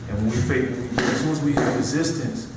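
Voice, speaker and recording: A man coaching a student in an indoor gym, firm and encouraging, pressing him with questions. He is heard from a distance in a very echoey hall over steady background noise. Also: mid-range voice, quick pace. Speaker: martial arts instructor. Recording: echoey room, voice from far off, noisy.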